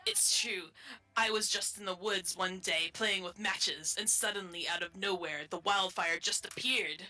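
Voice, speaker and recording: Woman playing a bragging reckless daredevil, bright, taunting. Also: medium pitch, a little slow, poor audio. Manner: taunting, boastful. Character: cocky reckless thrill-seeking friend. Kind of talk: live-streamed improvised voice acting.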